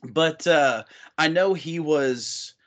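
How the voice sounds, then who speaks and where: A man's voice: on the high side, takes it slowly. A man hosting a casual interview, rambling and restarting his sentences. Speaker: podcast host.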